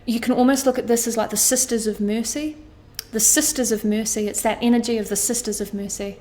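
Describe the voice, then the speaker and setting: A woman's voice: on the high side, steady tone, brisk, warm tone. A woman giving a tarot reading to her viewers, earnest and emotional, often repeating her phrases and swearing casually. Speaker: tarot card reader. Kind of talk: astrology tarot reading monologue.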